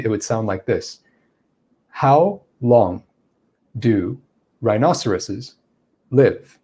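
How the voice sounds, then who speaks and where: A man's voice: mid-range voice, dark tone, slightly rough. A man giving a live-streamed English lesson, explaining step by step and acting out spoken examples. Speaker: English teacher.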